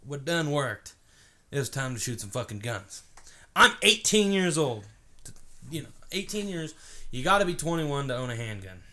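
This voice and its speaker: A man's voice: mid-range voice, very animated, moderate pace, sharp tone. A man in his twenties from Oregon, co-hosting a crude comedy podcast with lots of laughing and swearing. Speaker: podcast co-host. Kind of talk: casual crude comedy chat.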